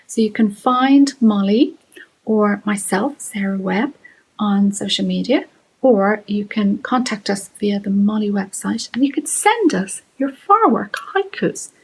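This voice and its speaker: A woman's voice: mid-range voice, breathy edge, low-quality recording. A middle-aged Irish woman leading a creative writing lesson for children, asking encouraging questions and reading short poems aloud. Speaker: children's writing workshop presenter.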